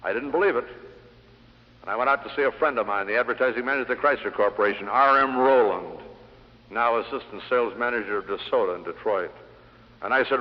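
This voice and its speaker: A man's voice: medium pitch, fast talker, long reverb tail, dull audio. A man giving a speech on selling to a live audience, telling stories in a punchy way with rhetorical questions, in an old vinyl recording. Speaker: sales speaker. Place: large hall.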